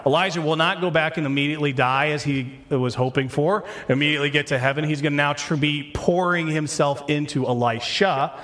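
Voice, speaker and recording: A male pastor preaching a sermon, acting out complaints with rising energy and dropping to a low, hushed delivery to make a point.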